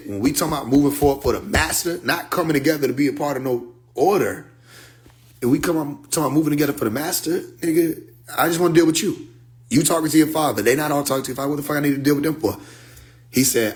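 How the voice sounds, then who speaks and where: A man telling a long story in casual speech. He acts out both sides of the conversation, swears freely and gets worked up. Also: mid-range voice. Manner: animated, profane, quotes others in dialogue.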